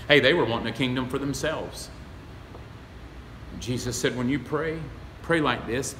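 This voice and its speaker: A man preaching a sermon as pastor, folksy and emphatic, rising to loud exclamations. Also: medium pitch, normal speed, a little hiss or hum. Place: church sanctuary. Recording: echoey, reverberant hall.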